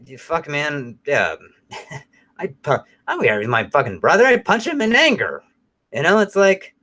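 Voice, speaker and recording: A middle-aged man co-hosting a show, chatting casually and telling stories in a rambling, profane way. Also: fairly high pitch. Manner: profane, rambling, animated storytelling. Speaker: podcast co-host.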